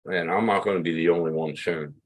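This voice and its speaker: A man's voice: deep voice, steady tone, brisk. A man in his fifties from Pennsylvania, hosting a loose livestream chat, rambling and swearing freely. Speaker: livestream host.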